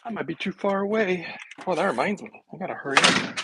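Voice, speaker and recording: A man hosting a health livestream, chatting casually and rambling with sarcastic asides while making a smoothie in his kitchen, recorded on a phone. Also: high voice, quick pace, very noisy.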